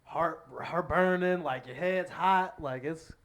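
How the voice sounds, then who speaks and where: An American man hosting a podcast, chatting casually and cracking relaxed jokes with his guest. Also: fairly high pitch, slow. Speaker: podcast host. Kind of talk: casual chat.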